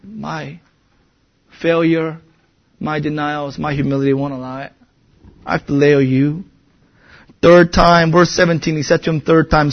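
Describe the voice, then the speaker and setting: Gravelly pastor preaching in earnest. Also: male voice, fairly high pitch, fairly even intonation, a little slow, long pauses, lo-fi sound. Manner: earnest, conversational, many "you know" asides. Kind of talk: expository sermon.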